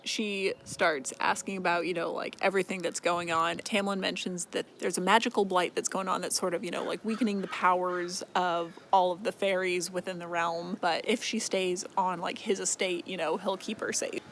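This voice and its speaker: A woman's voice: on the low side, flat delivery, normal speed, hardly any pauses, a bit bright, a little hiss or hum. Chatty young woman recapping a book. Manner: chatty, swears freely, lots of fillers. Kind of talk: casual book recap, acting out characters.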